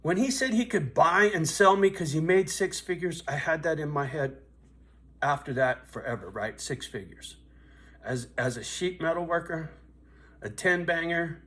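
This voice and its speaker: A man's voice: on the high side, fairly bright tone. Profane, streetwise storytelling man. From US West Coast. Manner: blunt, profane, streetwise, keeps asking "right?". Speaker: vlogger.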